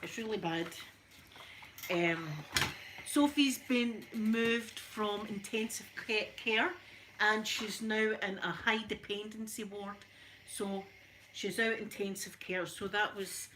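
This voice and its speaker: Scottish woman on a live stream, bright voice, laughs a lot, chats to viewers, slight hiss behind. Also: mid-range voice, fairly even intonation, slow pace. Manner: chatty, greets viewers by name, laughs often. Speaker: vlogger. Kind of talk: casual live-stream chat.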